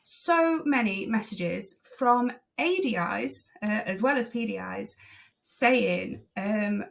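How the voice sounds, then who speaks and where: A woman driving instructor talking as a guest on a podcast, earnest and enthusiastic, with many pauses and ums. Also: mid-range voice, lively intonation, vocal fry. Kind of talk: casual podcast conversation.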